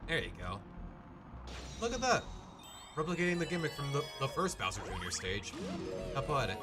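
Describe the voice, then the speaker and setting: A man's voice: fairly high pitch, normal speed. A man streaming a game live, joking around and chatting to his viewers as he plays. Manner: animated, jokey, chats to viewers. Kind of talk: live gameplay commentary. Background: game music.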